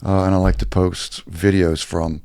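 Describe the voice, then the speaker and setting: A man's voice: low-pitched, level tone, normal speed, a little mellow, no echo. A man telling a rambling, profane story on his own casual video channel. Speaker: YouTuber.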